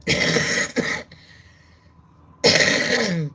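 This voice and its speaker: A woman hosting a casual commentary vlog, talking bluntly and profanely in a chatty way, with loud excited bursts. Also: extremely slow. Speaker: channel host.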